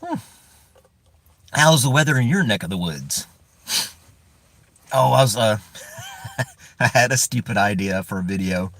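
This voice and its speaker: A man's voice: mid-range voice, animated, a little slow, long pauses, fairly bright tone, dry recording. A man from the United States hosting a casual live stream from inside a parked car. He rambles, chuckles often and greets viewers by name.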